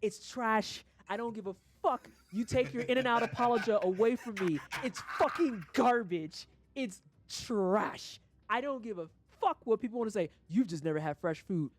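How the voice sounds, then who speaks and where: With a higher-pitched voice at normal speed and few pauses, a St. Louis woman streams a game and launches into a casual rant. She is animated and ranting, with plenty of profanity.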